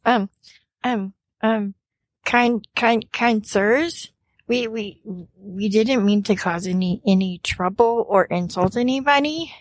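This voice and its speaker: A woman's voice: on the high side, a little fast, hardly any pauses, no echo, close to an everyday voice. A woman voicing a flustered young woman adventurer who stammers and fumbles over her words.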